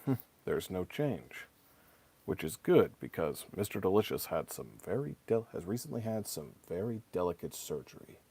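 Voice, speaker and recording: A man putting on a deadpan middle-aged male mascot from an old commercial. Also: low-pitched, husky, full character voice. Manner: deadpan, flat and slow.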